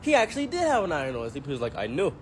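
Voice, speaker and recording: A commentary YouTuber telling a comic story, animated and joking, acting out every character he mentions. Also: fairly high pitch, rapid-fire, slight background noise. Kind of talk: comedic storytelling.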